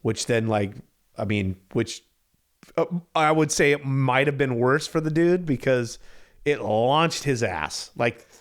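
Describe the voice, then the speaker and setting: A man's voice: mid-range voice, measured pace. A man in his thirties, a podcast co-host, casually telling a story and acting out the voices of the people in it. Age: 30s. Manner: animated storyteller, acts out quoted voices.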